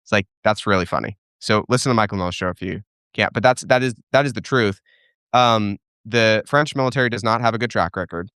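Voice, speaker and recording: A young man with a lowish, smooth voice hosts a casual live stream and answers viewers' questions. He speaks in opinionated bursts, restarting his sentences as he works out his thoughts. The sound is dry and close to the microphone. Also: brisk, sharp tone, no room sound. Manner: opinionated, thinks aloud with restarts and fillers.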